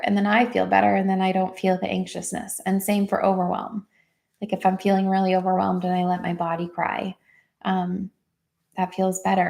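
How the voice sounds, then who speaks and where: A woman hosting a livestream, telling a personal story in a chatty, animated way and reading out chat comments. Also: medium pitch, gravelly. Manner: chatty and animated, quotes others in lively voices, laughs readily. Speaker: host of an emotional healing livestream. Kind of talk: casual storytelling and coaching on a livestream.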